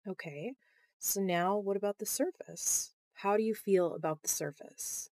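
A woman reading the part of a motherly woman counselor who talks gently and reassuringly, in an audiobook. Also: mid-range voice, unhurried, no echo, clean studio sound, natural voice. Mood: curious.

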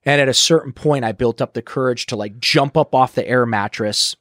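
A man in his thirties, a podcast guest, telling a story in casual chat, swearing often and acting out quotes loudly. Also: medium pitch, fairly quick, no room sound, studio quality.

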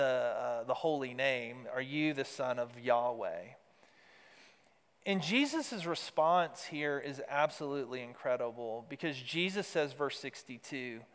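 A man's voice: medium pitch, fairly bright tone, clean tone, big-room sound. A man preaching a sermon, building emphasis through repeated phrases and rising, earnest delivery. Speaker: pastor.

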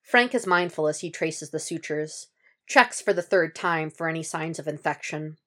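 In this podfic, a fan-fiction story is narrated by a woman whose voice sits on the low side. She keeps an even, calm delivery, reading the descriptive parts at a steady, measured pace like an audiobook.

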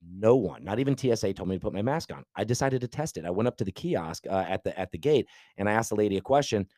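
A man co-hosting a podcast, telling an animated, rambling story in casual chat with lots of restarts. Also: on the low side, quick pace, dry recording, clean studio sound. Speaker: podcast co-host.

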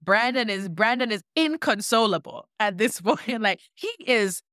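A woman's voice: a little high, moderate pace, dry recording, clean studio sound. A young woman co-hosting a podcast, telling a reality-show story in casual chat and acting out what people said. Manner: animated storytelling, acting out quotes with lots of "like". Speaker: podcast co-host.

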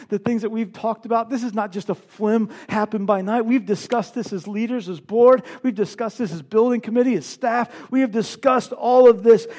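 A man pastor preaching a sermon to his congregation, impassioned, swinging from loud declarations to hushed lines. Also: extremely high pitch.

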